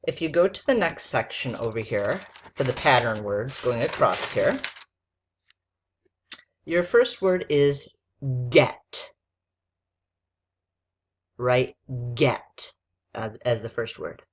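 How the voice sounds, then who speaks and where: A woman's voice: very deep voice, lively intonation, takes it slowly, long pauses, a little hiss or hum. A woman teacher giving a spelling lesson to a child, patiently spelling words out letter by letter.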